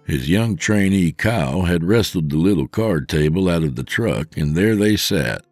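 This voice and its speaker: A man with a very deep voice narrates a scripted horror tale. His delivery is lively and theatrical. The sound is dry and close, with faint music behind him. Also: dry recording. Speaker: podcast narrator.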